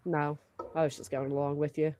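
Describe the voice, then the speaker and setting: A woman's voice: sits low, little pitch movement, a little fast, mellow. A woman co-hosting a casual gossip livestream, blunt and profane, reading viewer comments aloud. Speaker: livestream co-host.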